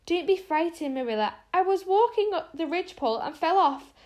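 A woman's voice: very high voice, animated, a little fast, a little mellow, voice pushed up. A woman voicing an imaginative young girl who speaks in an earnest, theatrical way, read from a storybook. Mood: reassuring. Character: dramatic, imaginative young girl, hurt but brave. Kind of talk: storybook reading.

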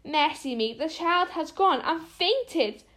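A woman voicing a stern, sensible older woman who speaks in a sharp, shrewish way, read from a storybook. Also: sits high, expressive, takes it slowly, pitched above the performer's own voice, exaggerated voice. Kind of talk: storybook reading.

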